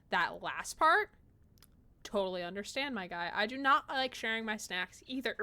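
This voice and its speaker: A woman streaming a puzzle game, chatting casually, gushing excitedly and swearing now and then. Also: medium pitch, normal speed. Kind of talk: live-streamed gameplay chat.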